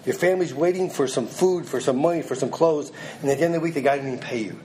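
A man's voice: on the high side, fast, dark tone, a little hiss or hum, poor audio. A man preaching a sermon, reading scripture aloud and then pressing it on his listeners in an earnest, emphatic way.

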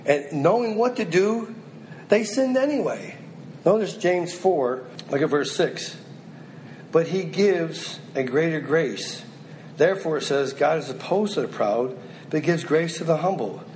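A man delivers a sermon in a slightly raised voice, moving between steady scripture reading and urgent, pressing appeals to his listeners. A faint hiss of background noise sits under the recording. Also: fairly high pitch, a little slow, poor audio. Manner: reads scripture then exhorts directly, rising and pressing. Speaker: preacher.

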